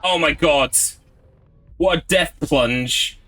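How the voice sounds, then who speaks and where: Male streamer, chatty and sarcastic, sweary, bright tone. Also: mid-range voice, normal speed. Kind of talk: casual gameplay commentary.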